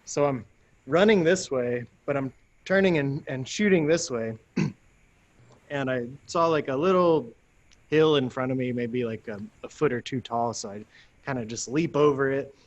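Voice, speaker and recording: Laughing, animated male storyteller. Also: medium pitch, normal speed, dull audio. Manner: animated, laughs often, acts out quoted lines. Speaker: guest. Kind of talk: casual storytelling.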